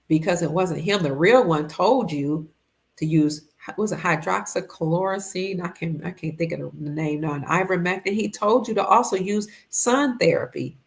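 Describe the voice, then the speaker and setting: A woman hosts a casual livestream, greeting viewers by name and reading out their comments. She sounds a little congested and is fasting, and her voice is fairly low and creaky.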